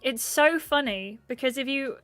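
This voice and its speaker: A woman's voice: high-pitched, normal speed, a bit bright, no echo, soft background music. An English woman streaming casually, chatting with her viewers in a rambling way and laughing often. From England. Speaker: streamer reading chat. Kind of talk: casual livestream chat.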